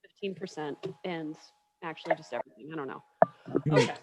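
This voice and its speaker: A woman's voice: low-pitched, brisk, noisy background. A young woman doing stand-up over a video call, rambling and self-mocking, often laughing at her own lines. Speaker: comedian.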